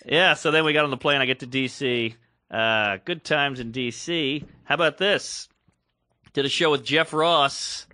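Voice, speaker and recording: A man's voice: medium pitch, a little slow, no room sound. A man co-hosting a podcast, telling a story in casual chat and acting out the voices of the people in it. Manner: animated storyteller who acts out quoted voices. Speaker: podcast co-host.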